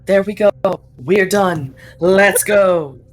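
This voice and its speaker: A man playing a tabletop role-playing game, brisk and joking in casual chat. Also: high voice, a crowd in the background. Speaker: player.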